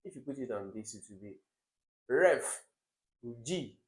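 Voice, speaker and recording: A man's voice: fairly low pitch, very fast, mellow, low-quality recording. A man with a Nigerian English accent, an exam tutor talking through test questions, explaining step by step, repeating key words, and chuckling at wrong answers. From Africa.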